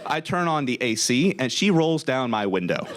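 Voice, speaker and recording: A young man telling a comic story to a live audience in a comedy club, wry and deadpan sarcastic. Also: medium pitch, normal speed, over a noisy crowd, very noisy.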